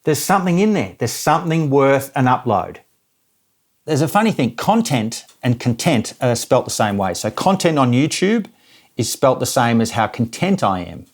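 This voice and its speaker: A man's voice: mid-range voice, big pitch swings, normal speed. A man in his thirties chatting casually and reflectively as a vlogger, rambling and self-mocking. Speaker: filmmaker and vlogger.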